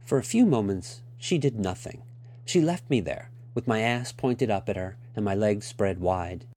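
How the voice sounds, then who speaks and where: A man reading a first-person story aloud in a steady, expressive way. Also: fairly low pitch, moderate pace. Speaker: narrator.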